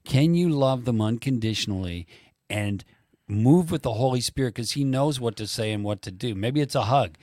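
A man hosting a faith conversation, reading quotes slowly and emphatically like a preacher. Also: mid-range voice, expressive, darkish tone, no echo, studio quality. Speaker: podcast host.

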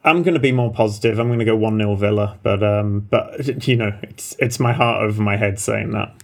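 A man's voice: fairly low pitch, brisk, gravelly. A man co-hosting a casual fan podcast, speaking in an emphatic, rallying way. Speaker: podcast co-host.

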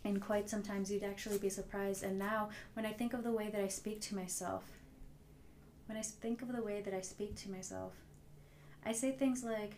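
A woman's voice: medium pitch, steady tone, normal speed, darkish tone, a little hiss or hum. A woman hosting a solo motivational podcast, earnest and reflective, often repeating phrases for emphasis. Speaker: podcast host.

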